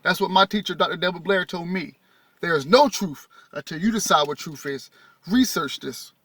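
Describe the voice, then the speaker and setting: High bright-voiced man reading and preaching. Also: moderate pace, no echo. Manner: rereads passages, stumbles and corrects himself; addresses listeners directly in casual vernacular. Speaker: spiritual teacher reading and commenting. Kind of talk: reading aloud with preaching commentary.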